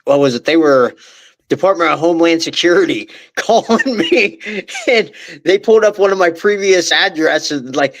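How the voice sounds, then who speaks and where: A laid-back man talking as a guest on a podcast, with a voice a little higher than most men's. He tells his story in an easygoing, amused way, chuckling now and then. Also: normal speed. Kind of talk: casual podcast chat.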